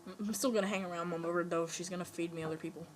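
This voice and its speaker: A woman's voice: on the low side, steady tone, rapid-fire, a little hiss or hum. A woman giving casual let's-play commentary, rambling playfully and talking at other players. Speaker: gameplay commentator.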